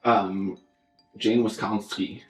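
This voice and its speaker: Chatty male co-host, low voice. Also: flat delivery, takes it slowly, reverberant, faint music behind. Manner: chatty, chimes in with quips. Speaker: podcast co-host. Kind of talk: casual movie recap chat.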